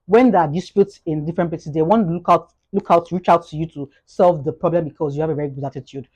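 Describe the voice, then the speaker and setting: Nigerian-accented woman, quick motivational vlogger, repetitive, animated. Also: low voice, slightly rough. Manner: repetitive, fast, grows animated with acted-out anecdotes. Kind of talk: casual motivational monologue.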